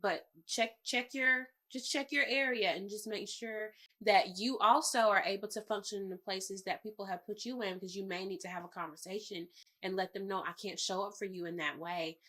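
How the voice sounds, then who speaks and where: A woman co-hosts a podcast in casual chat. Her voice is bright and tense-edged, and she talks in a steady, encouraging way. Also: medium pitch, moderate pace. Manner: steady, encouraging, lots of affirming murmurs. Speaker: podcast co-host.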